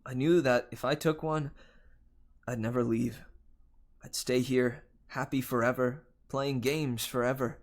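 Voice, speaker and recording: A man reading a novel aloud on a livestream, telling the first-person story in a steady, unhurried way. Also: mid-range voice. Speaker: livestream reader.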